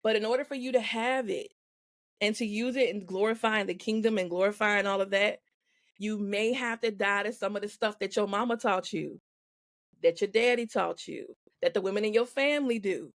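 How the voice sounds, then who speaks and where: A woman's voice: mid-range voice, normal speed, no echo, studio quality. A woman guest in a casual faith chat on a podcast, laughing often as she talks. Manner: laughs often, acts out quoted voices.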